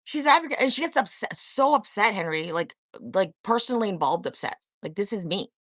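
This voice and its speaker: A woman's voice: mid-range voice, animated, a little fast, fairly bright tone, no room sound, studio quality. A woman hosting a livestream, talking back to chat viewers by name in a confrontational, sarcastic way and swearing freely. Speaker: livestream host. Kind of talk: heated live-chat monologue.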